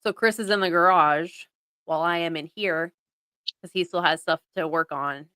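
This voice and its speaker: A woman co-hosting from indoors, reading chat messages aloud and talking casually in a relaxed way. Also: on the low side, normal speed, smooth, no echo. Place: indoors in the house.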